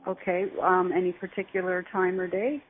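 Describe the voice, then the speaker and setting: A woman's voice: lowish voice, flat delivery, normal speed, slight background noise, lightly acted. A woman playing a polite, hesitant customer calling a garage about her car in a training skit. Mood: unsure. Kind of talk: scripted phone call skit. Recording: tinny phone line.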